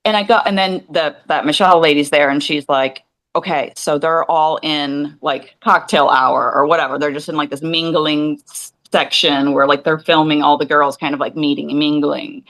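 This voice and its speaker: A woman in her forties co-hosts a podcast, rambling through casual chat in an animated way and frequently acting out what other people said. Her voice sits low and moves at normal speed, and the audio is poor.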